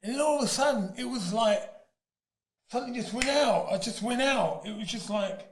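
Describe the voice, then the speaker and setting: High-voiced man telling stories. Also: normal speed, a little hiss or hum. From Britain. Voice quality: laughs often mid-story, loud emphatic bursts. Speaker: guest. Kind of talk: animated storytelling.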